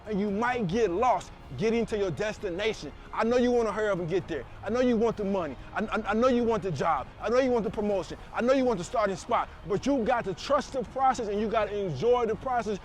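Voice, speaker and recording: High-voiced preachy motivational man. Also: quick pace, few pauses. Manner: preachy, repetitive, emphatic with call-outs. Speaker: motivational speaker. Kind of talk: motivational speech to camera.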